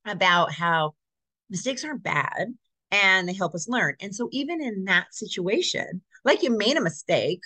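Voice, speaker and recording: A woman's voice: mid-range voice, lively intonation, moderate pace, sharp tone, no room sound. A woman from California, a dog trainer chatting as a guest in an earnest, rambling way. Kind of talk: casual chat.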